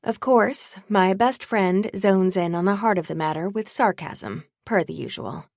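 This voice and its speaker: A woman's voice: mid-range voice, normal speed, few pauses, a little mellow, no echo. A woman narrating a first-person audiobook in a wry, dry manner, recorded on a close studio mic.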